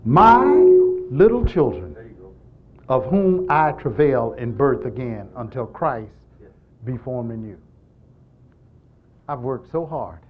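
A man preaching a sermon in an animated, emphatic style, repeating lines and moving between loud and hushed delivery. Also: medium pitch, slow pace, long pauses, phone-quality sound. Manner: repetitive, emphatic call-and-response delivery.

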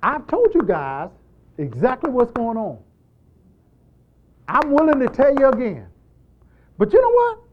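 An animated male preacher with a lively, wide-ranging pitch, pressing his points through repetition and call-and-response. His voice swings between booming emphasis and hushed softness. The recording is dull and lo-fi. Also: unhurried, long pauses. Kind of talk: sermon.

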